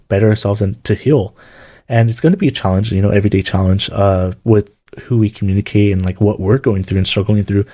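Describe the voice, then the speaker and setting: A man's voice: on the low side, dark tone. A man co-hosting a casual chat podcast, joking and swearing freely. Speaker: podcast co-host.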